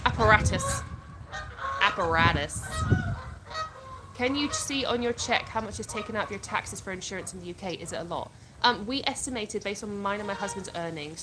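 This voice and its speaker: Woman, 30s, livestream host, casual chat, reads viewer comments aloud, middle pitch, phone mic, background noise with clicks. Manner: chatty, reads out viewer comments and answers them.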